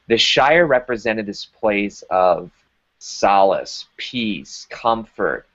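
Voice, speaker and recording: A lower-voiced man tells a story with energy, putting weight on words and playing out the conversations. The recording sounds dull and lo-fi. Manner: energetic, emphatic storyteller who acts out dialogue. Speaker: guest. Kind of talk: storytelling interview.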